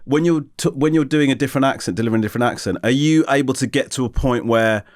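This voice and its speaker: A man hosting a casual interview, self-deprecating and quick to laugh, often restarting his sentences. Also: medium pitch. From England. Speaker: host.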